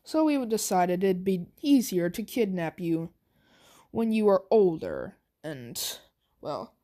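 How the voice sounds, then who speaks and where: A cruel male mad scientist who savors every word and gloats over his captive, as a woman puts him on. The lines come slow and stretched, an amateur fan story read aloud. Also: fairly low pitch. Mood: calm. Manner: gloating, drawn-out, rising to excited cries.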